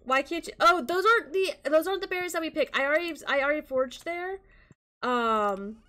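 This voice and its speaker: A woman hosting a casual gaming stream, chatty, with quick bursts of excitement. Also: high-pitched. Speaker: streamer and channel host.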